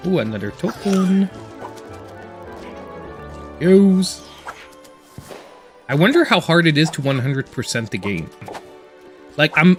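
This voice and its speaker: A man's voice: mid-range voice, fairly bright tone. A man with a Canadian accent giving casual, rambling let's-play commentary as a gaming channel host. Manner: rambling, filler-heavy chatter.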